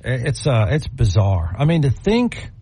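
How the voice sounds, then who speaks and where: A man's voice: mid-range voice, huge pitch swings, unhurried, dark tone, slightly rough. A man co-hosting a radio talk show, chatting casually with a wry, incredulous manner and acting out little scenes. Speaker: radio co-host.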